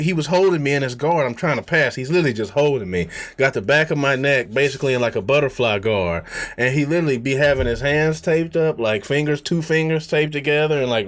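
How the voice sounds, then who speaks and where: A man co-hosting a podcast, telling stories in a casual, profane way, laughing often and acting out quotes in a lower voice. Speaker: podcast co-host. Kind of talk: casual chat.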